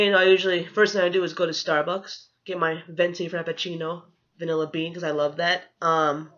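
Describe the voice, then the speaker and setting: A woman with a bright, forceful voice rambles through a storytime rant as a vlogger, swearing freely and sounding indignant, with "you know" in nearly every sentence. The audio is dull and lo-fi, as if recorded on a cheap mic. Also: lowish voice.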